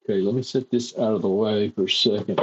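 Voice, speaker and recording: Guy streaming from his home workshop, rambling and self-deprecating, husky voice, dull lo-fi sound. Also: lowish voice, steady tone, fast. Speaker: airbrush artist streaming his work. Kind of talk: casual livestream chat while painting.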